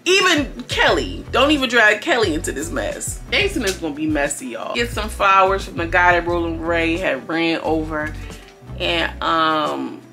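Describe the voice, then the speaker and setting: Bright, chatty woman recapping TV gossip. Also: on the low side, lively intonation, normal speed, faint music behind. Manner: chatty, gossipy, laughs often. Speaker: reality TV recap YouTuber. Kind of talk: casual recap commentary.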